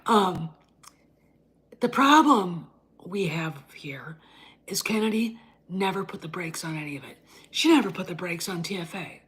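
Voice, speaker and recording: A woman's voice: fairly low pitch, lively intonation, measured pace, long pauses, fairly bright tone, slightly rough. A woman hosting her own show, ranting bluntly and combatively, often swearing and restarting her sentences. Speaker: host. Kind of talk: opinion rant.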